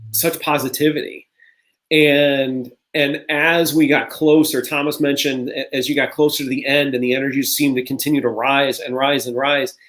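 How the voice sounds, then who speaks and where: A man's voice: medium pitch, fairly bright tone. A man hosting a cast reunion, reflecting in a rambling, casual way. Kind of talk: casual group reminiscing.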